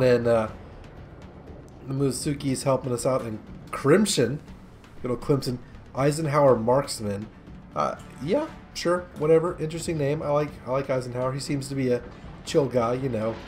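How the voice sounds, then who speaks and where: A man's voice: mid-range voice, darkish tone. Young man joking through gameplay commentary. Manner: joking, rambling, sarcastic asides. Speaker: gaming commentator.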